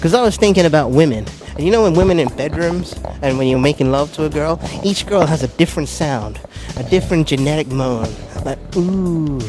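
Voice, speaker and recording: Young male stand-up comic over music. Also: on the high side. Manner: self-deprecating, animated storytelling with acted-out voices. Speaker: stand-up comedian. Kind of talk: stand-up comedy routine. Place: stage at a charity ball.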